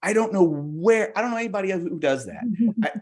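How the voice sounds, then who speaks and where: Rambling male comic with a lively voice. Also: high voice, fast. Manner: chatty, rambling, self-interrupting, acts out voices. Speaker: stand-up comedian, co-host. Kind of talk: stand-up comedy on a virtual show. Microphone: video call.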